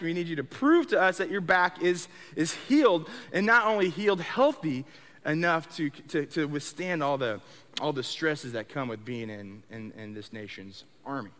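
A man giving a sermon testimony in a conversational way, stumbling over repeated words and swinging between soft low stretches and loud excited bursts. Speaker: speaker sharing his testimony. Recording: long hall reverb.

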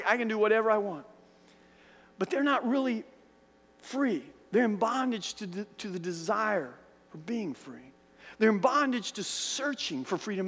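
A man's voice: high-pitched, a bit bright. A man preaching a sermon, earnest and repetitive, sometimes acting out other people's words. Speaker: pastor. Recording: long hall reverb.

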